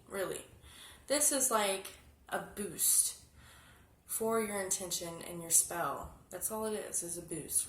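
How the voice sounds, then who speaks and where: A woman casually showing a candle spell step by step, chatty and often dropping to a hushed murmur. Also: lowish voice. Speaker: spiritual vlogger. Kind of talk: casual how-to demonstration. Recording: echoey room with background noise.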